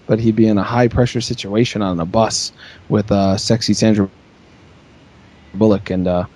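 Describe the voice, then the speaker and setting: A man hosting a casual comedy podcast, playful and quick to laugh, riffing on his co-hosts' jokes. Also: on the low side, fairly even intonation, darkish tone. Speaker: podcast host.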